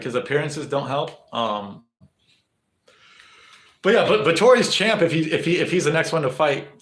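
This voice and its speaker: A man's voice: a little high, a bit bright, roomy sound. A young man streaming live, rambling to his chat with lots of swearing, fillers and restarts. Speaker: livestreamer.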